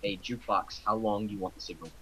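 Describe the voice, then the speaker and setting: A man's voice: on the low side, quick pace, sharp tone, slight background noise, rough recording. A man from Ohio chatting casually on a group voice call, rambling with repeated words. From Ohio, USA. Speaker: podcast participant.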